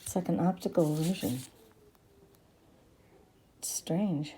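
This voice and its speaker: A woman hosting a casual craft tutorial, gushing over her finished pieces with soft exclamations. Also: lowish voice, slow, slight background noise.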